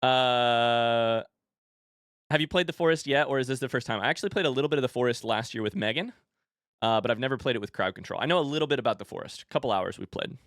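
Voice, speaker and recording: A young man streaming live, hyping up a charity event with excitable announcer energy and then chatting casually with viewers while out of breath. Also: mid-range voice, dry recording, studio quality. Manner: excitable, hyped announcer delivery that shifts to quick casual asides.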